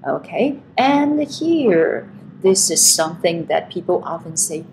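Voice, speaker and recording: A woman's voice: lowish voice, sing-song, slow pace, a little mellow, slight background noise, low-quality recording. A woman teaching an English vocabulary lesson, patiently explaining words and checking in with "okay" after almost every phrase. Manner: patient, says "okay" often, many fillers.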